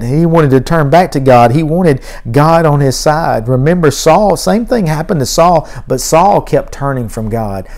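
A man's voice: fairly high pitch, a little mellow. Male preacher, earnest sermon delivery with emphatic scripture reading, church setting. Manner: earnest, reads scripture aloud with rising emphasis. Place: church sanctuary.

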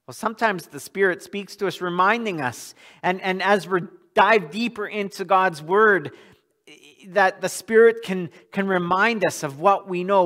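A man's voice: high-pitched, a bit bright. A male pastor preaching a sermon in a church, earnest and often repeating words as he restarts a thought.

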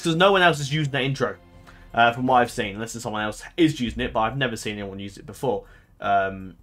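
A man of middling pitch hosts a gaming channel and chats loosely with his audience. He wanders through his thoughts, stopping to fix his own phrasing and leaning on ums. Soft music plays faintly behind him. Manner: rambling, hesitant, self-correcting with many ums. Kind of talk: casual talk to viewers.

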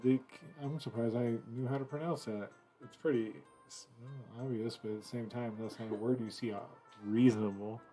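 A man's voice: mid-range voice, fairly quick, dark tone, breathy edge. A man casually commentating a game stream, rambling and muttering to himself, with faint music behind him.

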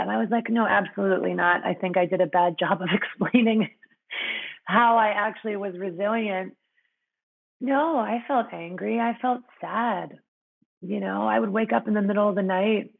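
Candid woman with a gravelly voice. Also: medium pitch, normal speed, narrow, tinny audio. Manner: open, frank, laughs often, many fillers. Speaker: interview guest. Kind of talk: candid conversational interview.

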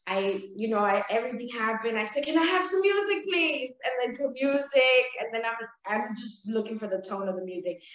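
A woman telling a lively personal story on a casual live stream, acting out her own lines with laughs. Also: on the high side, fairly quick, hardly any pauses, roomy sound, low-quality recording.

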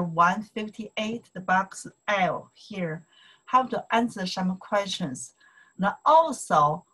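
Mandarin-native woman tutor with a Chinese accent, unhurried and a little breathy, drilling phrases over and over. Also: lowish voice, fairly bright tone, rough recording. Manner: slow, repetitive, drills pronunciation in Mandarin and broken English. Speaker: Chinese language teacher. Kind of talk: casual online language lesson.

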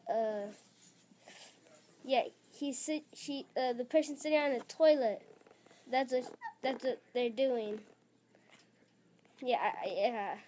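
A woman with a high voice chats unhurriedly as she reacts to clips, halting and full of fillers. Her talk drifts and giggles along at a slow, easy pace. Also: dark tone, a little hiss or hum. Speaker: reaction video maker. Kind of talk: casual rambling commentary.

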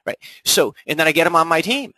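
A man coaching other real estate agents in a recorded sales webinar, punchy and energetic, who keeps checking in with "right?". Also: on the high side, fast, no room sound, low-quality recording.

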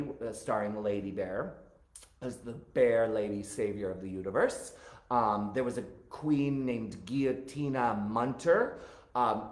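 A man hosting a live stream, answering viewer questions and telling stories in a campy, animated way. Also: medium pitch, reverberant. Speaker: host.

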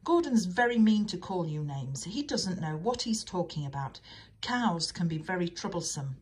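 A woman's voice: fairly low pitch, very animated, moderate pace. Toby, a woman voicing a loyal little engine. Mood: reassuring. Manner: reassuring. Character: small loyal kindly male engine.

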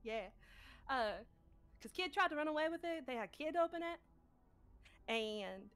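A high, bright-voiced, scatterbrained adventurer, as a woman puts on a character voice rambles through a recap of a tabletop game. The talk is blunt and forgetful, loses track mid-sentence, and drops casual swears along the way. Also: lively intonation, unhurried, heavily acted. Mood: rambling.

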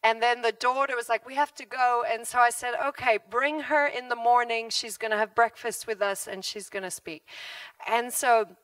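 Woman preacher telling a story in church, laughs a lot, acts out voices, kinda high voice, a bit off mic. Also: normal speed, clear, resonant tone, no room sound, recorded from a distance. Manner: animated, laughs often, acts out quoted voices. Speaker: guest preacher. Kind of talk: storytelling sermon.

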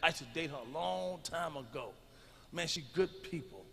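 A middle-aged man performing a stand-up comedy routine, telling stories loudly and with plenty of profanity. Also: on the high side, expressive, normal speed, creaky, a little hiss or hum. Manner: loud, profane storytelling. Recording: live arena recording with long reverb.

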